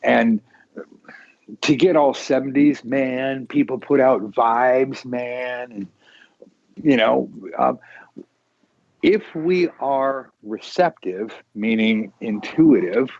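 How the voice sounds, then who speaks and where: Man, show host, casual chat, rambling, animated, lots of restarts, muffled lo-fi recording. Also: mid-range voice, slow, creaky. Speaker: tarot podcast host.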